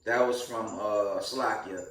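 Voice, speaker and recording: A man's voice: on the low side, fairly even intonation, unhurried, a bit bright, far from the mic. A tired man hosting casual news commentary with prophecy talk, rambling with many fillers and restarts. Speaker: host of a news commentary channel. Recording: roomy sound, away from the mic.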